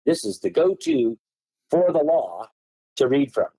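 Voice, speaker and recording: A man's voice: on the high side, huge pitch swings, a little slow, vocal fry, warm tone, breathy edge, dry recording, poor audio. A man explaining law as a podcast guest, reading passages aloud and hammering key words with strong emphasis.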